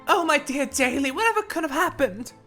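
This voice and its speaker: A woman's voice: high-pitched, expressive, fairly quick, fairly bright tone, faint music behind. A woman voicing a prim, anxious Victorian wife in a put-on accent halfway between Southern belle and British, reading game dialogue aloud. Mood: distraught. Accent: put-on mix of Southern belle and British. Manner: prim, fretful and overly formal. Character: anxious genteel Victorian wife, middle-aged.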